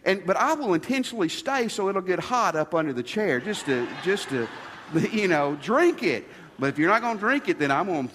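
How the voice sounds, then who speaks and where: A man's voice: sits high, animated, brisk, a bit bright, a little hiss or hum. A man preaching a sermon as pastor, stressing his points by repeating key phrases. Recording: long reverb of a large hall.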